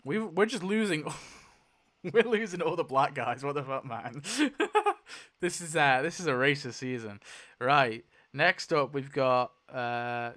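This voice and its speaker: A man's voice: mid-range voice, measured pace, bright, forceful tone. A man hosting a casual video, thinking aloud as he goes, swearing freely and laughing often. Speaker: YouTube host. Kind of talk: casual commentary while spinning a wheel.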